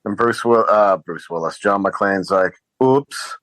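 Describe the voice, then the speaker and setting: A man's voice: sits low, unhurried, fairly bright tone, no echo, rough recording. A man co-hosting a podcast, retelling movie scenes casually with many fillers. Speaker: podcast co-host.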